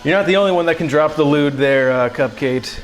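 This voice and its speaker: A man's voice: on the high side, fairly quick, soft background music. A young man hosting a casual cooking livestream, joking and chatting with his viewers as he cooks. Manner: playful, joking, talks to chat viewers.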